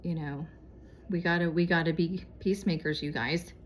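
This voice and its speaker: A woman's voice: lowish voice, fairly even intonation, moderate pace, slight background noise. A woman vlogger speaking to her viewers in a casual, earnest and pleading way, giving moral advice. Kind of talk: casual heartfelt exhortation to viewers.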